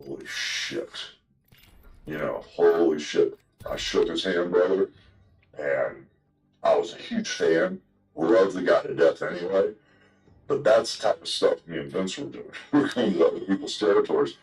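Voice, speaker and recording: A man's voice: low voice, big pitch swings, normal speed, a little mellow, rough recording. An older man telling rambling, profane stories in a casual interview. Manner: profane, rambling yarn-spinner. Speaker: guest telling old stories. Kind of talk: casual storytelling.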